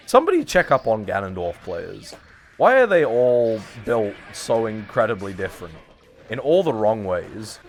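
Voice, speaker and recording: A man's voice: lowish voice, sing-song, moderate pace, soft background music. A man in his twenties streaming a fighting game, chatting casually and joking at his own expense with his viewers. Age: 20s. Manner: rambling, jokey and self-mocking, talking to chat.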